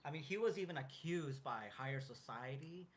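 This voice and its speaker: A man in his thirties in casual chat as co-host, earnest and halting, with many restarts and fillers. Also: on the high side, a little hiss or hum.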